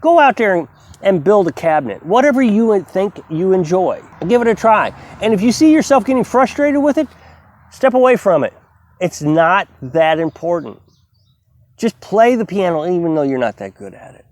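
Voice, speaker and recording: Animated man giving a pep talk. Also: high-pitched, moderate pace. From United States. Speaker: vlogger. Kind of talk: casual talk to camera.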